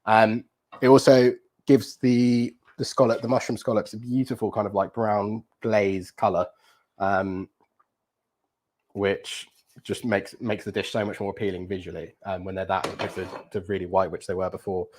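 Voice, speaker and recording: Flustered chef racing the clock. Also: male voice, lowish voice, flat delivery, moderate pace, a little mellow. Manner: flustered and breathless under time pressure, then chatty explaining with many ums. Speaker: chef hosting a live cooking challenge. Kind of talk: live cooking demonstration.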